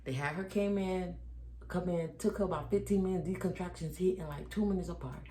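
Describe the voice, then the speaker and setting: A woman's voice: lowish voice, fairly quick. A woman telling the story of her baby's birth in a casual, chatty way, acting out each exchange and talking straight to her viewers. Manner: animated, acts out each exchange. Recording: echoey room with faint background noise.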